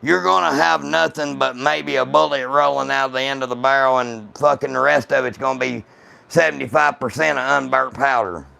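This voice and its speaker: A man hosting a casual gun-channel livestream, talking to viewers in rough, profane, blunt banter. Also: mid-range voice, fairly even intonation, brisk, bright, forceful tone.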